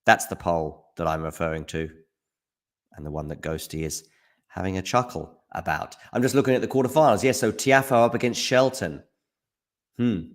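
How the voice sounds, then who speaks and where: During a live tennis watchalong, the host, a man with a low voice at normal speed, snacks on chocolate while he talks. He keeps it relaxed and musing, full of hums and fillers.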